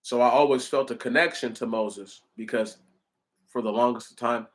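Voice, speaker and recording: A man's voice: mid-range voice, steady tone, normal speed. A man reading the Bible aloud and explaining it in an earnest, candid, conversational way. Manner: once stuttered. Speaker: preacher.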